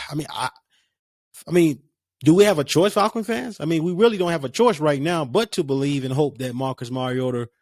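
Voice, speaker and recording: On his laid-back solo sports podcast, this man rambles along, full of fillers and restarts in a chatty style. His voice runs on the high side, captured in clean studio sound without any room echo.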